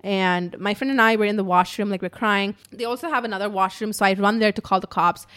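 A woman podcaster tells a personal story straight to her audience. Her delivery is raw and emotional, peppered with swearing and constant "like" fillers, at an ordinary middle pitch. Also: fairly even intonation, fast, fairly bright tone, clean tone. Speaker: podcaster and YouTuber.

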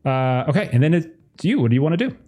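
A man running a tabletop game as game master and narrating the action vividly. His pitch rises and falls a lot, and his tone is mellow and soft. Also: fast, slightly rough. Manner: lively, vivid scene narration.

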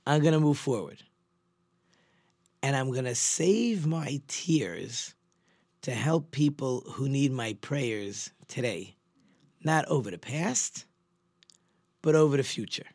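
A man's voice: mid-range voice, lively intonation, slow, pauses often, dry recording, clean studio sound. A man telling of a wise older woman. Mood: counseling. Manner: gently counseling. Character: older woman, war survivor, calm and wise.

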